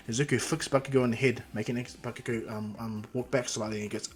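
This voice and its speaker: A man's voice: mid-range voice, steady tone, fast talker. Casting note: casual, rambling male storyteller over faint music. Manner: casual, rambling, many fillers. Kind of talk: improvised fan-fiction narration.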